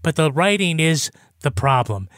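A man on a review podcast talking through his points in a measured, analytical way. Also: fairly high pitch, sing-song, a bit bright, dry recording, clean studio sound. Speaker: podcast panelist. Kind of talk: casual review chat.

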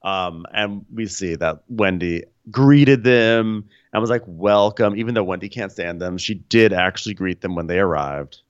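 A man co-hosting a podcast, recapping a reality show in a wry, animated, comedic way. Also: low voice, normal speed, few pauses, clear, resonant tone, dry recording, highs cut off. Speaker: podcast co-host.

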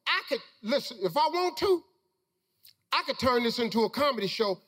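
Man with a very high-pitched storyteller voice. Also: very animated, moderate pace, fairly bright tone, long reverb tail. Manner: folksy, preacher-like storytelling with Southern Black vernacular. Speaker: motivational speaker. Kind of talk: storytelling talk to a live audience.

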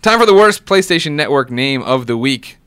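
A man's voice: medium pitch, expressive, a little fast, fairly bright tone, smooth. A young man hosting a casual podcast, upbeat and jokey, reading listener mail aloud. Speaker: podcast host.

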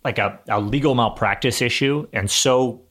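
A man's voice: mid-range voice, moderate pace, fairly bright tone. A young adult man co-hosting a political talk show, dry and agreeable as he thinks aloud. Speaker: co-host. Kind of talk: casual political commentary.

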